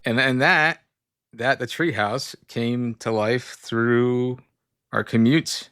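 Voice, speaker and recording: A man co-hosting a podcast, telling stories in relaxed casual chat. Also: medium pitch, takes it slowly, clean tone, no echo, studio quality. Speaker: podcast co-host.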